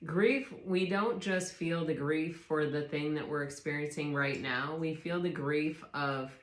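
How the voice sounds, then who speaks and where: Woman, tarot reader, slightly low voice, loose reflective delivery, room echo. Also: unhurried. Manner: rambling, reflective, restarts sentences often. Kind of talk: casual spoken tarot reading. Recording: roomy echo.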